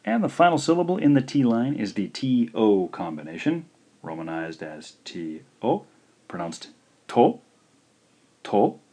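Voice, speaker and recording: A man teaching a language lesson, sounding out words slowly and carefully, syllable by syllable, in a patient, encouraging way. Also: medium pitch, very animated, dark tone. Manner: slow, careful syllable-by-syllable pronunciation. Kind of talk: slow instructional lesson.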